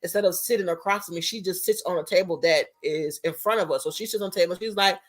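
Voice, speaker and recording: A young woman, telling a casual storytime story in an animated, profane, chatty way. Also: on the low side, fast talker.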